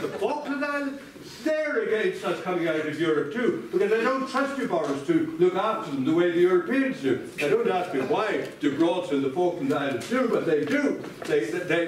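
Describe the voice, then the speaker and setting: A man's voice: sits high, recorded from a distance, slight background noise. Older man debating in an echoey hall. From Ireland. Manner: sardonic, addresses opponent directly by name. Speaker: debate speaker. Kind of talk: formal debate speech. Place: large debating chamber indoors.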